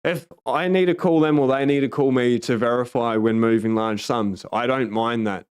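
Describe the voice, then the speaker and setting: An Australian man hosts a loose livestream and talks straight to his viewers. He is blunt and emphatic and swears freely. His voice is smooth and resonant at an ordinary middle pitch. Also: fairly even intonation, moderate pace. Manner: blunt, heavily profane and emphatic. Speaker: livestream host. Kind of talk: casual livestream chat, reading viewer comments.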